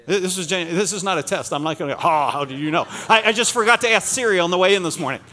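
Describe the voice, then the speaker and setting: Racing along in a high-pitched, pushed, bright voice, a middle-aged pastor from Pennsylvania preaches in a church sanctuary. His sermon is chatty and self-deprecating, full of humorous asides and jokes with the congregation.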